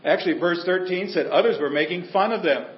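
Male pastor, fairly high voice, chatty storytelling sermon, roomy church sound, slightly muffled recording. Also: fast talker. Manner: conversational storytelling with humor.

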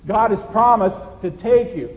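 A man preaches to his congregation in an earnest, conversational way, pressing harder on his key points. His voice sits fairly high. It rings out with the long reverb of a church and sounds slightly muffled. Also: animated, moderate pace. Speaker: pastor. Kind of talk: sermon. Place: church sanctuary.

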